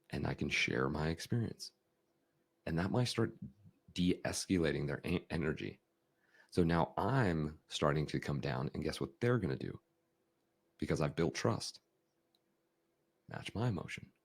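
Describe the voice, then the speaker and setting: A man's voice: moderate pace, long pauses. A man hosting a podcast, talking through ideas in a conversational coaching style, acting out emotions with big shifts in tone. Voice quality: deep gravelly husky voice. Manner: animated, acts out emotions with big swings in tone. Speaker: podcast host.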